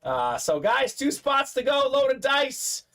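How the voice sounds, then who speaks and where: A man hosting a live sports card break stream, excitedly hyping up buyers and reading chat messages aloud. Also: very high-pitched, slow. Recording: distant mic.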